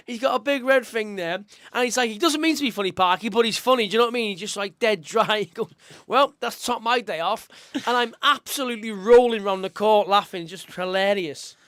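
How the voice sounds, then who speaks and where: A man's voice: very high-pitched, a little fast, hardly any pauses, fairly bright tone, no room sound, clean studio sound. A young man, co-hosting a casual live-stream chat, chatty and emotional and calling everyone mate. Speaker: co-host, youth football coach.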